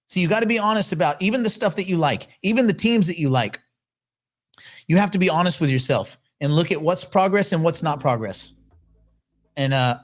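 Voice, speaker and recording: A man hosting a casual livestream, giving blunt, opinionated commentary and greeting viewers by name as they join. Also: high voice. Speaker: livestream host reading chat.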